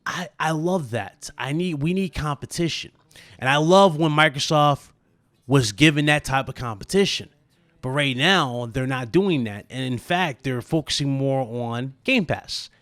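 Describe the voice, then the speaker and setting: Man, gaming vlog host, animated and chatty, dry close sound. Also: medium pitch, unhurried, dry recording. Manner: animated, conversational, lots of fillers and asides. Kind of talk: casual gaming commentary vlog.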